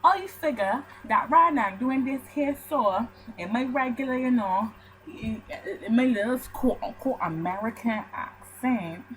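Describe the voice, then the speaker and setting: Animated Barbadian woman ranting to camera. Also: a little high, measured pace, a little hiss or hum, rough recording. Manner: animated storytelling, ranting with mock outrage. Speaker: vlogger. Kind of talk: casual chat to camera.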